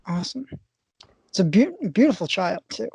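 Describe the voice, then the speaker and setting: A woman co-hosting a casual wrestling podcast, chatty and quick to laugh. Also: mid-range voice, big pitch swings, gravelly, mellow, slightly rough, no echo. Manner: chatty, laughs often between remarks. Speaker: podcast co-host.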